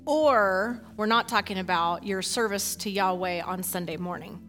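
A woman's voice: medium pitch, a bit bright, soft background music. A woman pastor exhorting a congregation during communion, emphatic and urging. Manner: emphatic, urging, fast bursts.

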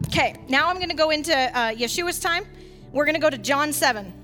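A woman leading an interactive bible study for a group, swinging from quiet asides to loud, emphatic preaching. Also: high voice, expressive, fairly quick, faint music behind. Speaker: bible teacher.

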